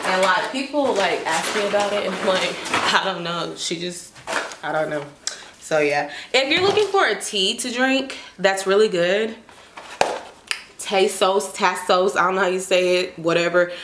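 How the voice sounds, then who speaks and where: A young woman's grocery haul vlog, filmed in an apartment kitchen, is casual, chatty, and full of slang, and she occasionally talks about herself in the third person. She has an expressive mid-range voice and speaks at a moderate pace. Clear background noise comes through in the echoey room.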